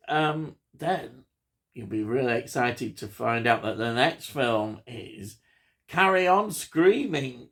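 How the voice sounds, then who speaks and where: A man giving a casual, enthusiastic spoken film review, with frequent ums and chuckles. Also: medium pitch.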